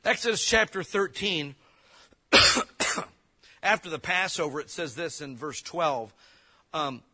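Male pastor, conversational joking sermon, punchy emphasis, high bright tone. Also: lively intonation, slightly rough. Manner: casual, joking preaching with emphatic bursts; reads King James verses slowly.

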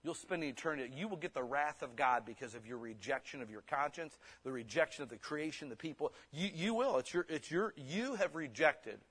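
A man preaching a sermon, blunt and forceful, slipping into quick mimicked excuses. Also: a little high, lively intonation, husky.

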